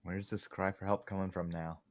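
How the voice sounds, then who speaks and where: A man's voice: low-pitched, little pitch movement, fairly quick, a little hiss or hum. A man playing in a tabletop game, thinking aloud and chuckling often. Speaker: player.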